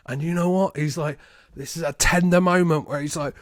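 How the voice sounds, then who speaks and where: A man's voice: a little high, steady tone, fairly quick, no echo, clean studio sound. Sweary man mocking a film. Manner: sweary, mocking, laughs often. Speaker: podcast host. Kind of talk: casual film review.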